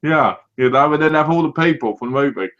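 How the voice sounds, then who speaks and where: Animated man reviewing a movie, lo-fi. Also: a little high, quick pace. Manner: animated, laughing retelling of scenes. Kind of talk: casual chat. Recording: dull lo-fi home recording.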